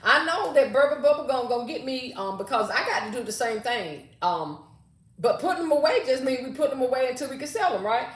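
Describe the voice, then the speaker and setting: A woman's voice: medium pitch, roomy sound. A woman hosting a casual livestream, reading viewer comments aloud and greeting people by name.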